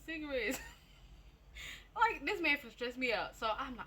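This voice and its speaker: This woman's high, husky voice has a sing-song quality and a sharp tone, moving at a moderate pace with long pauses. Telling a casual personal testimony, she chats, repeats phrases and turns directly to her listeners often.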